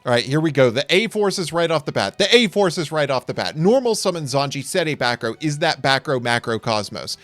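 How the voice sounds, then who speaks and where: A young man giving playful, jokey play-by-play commentary on card game duels, with quick excited reactions. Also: fairly high pitch, no echo, soft background music.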